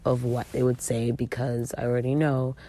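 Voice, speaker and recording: A woman's voice: a bass voice, little pitch movement, moderate pace, dark tone. A young adult woman hosting a podcast, telling a story in a casual, emphatic way, swearing freely and acting out what people said. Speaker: podcast host.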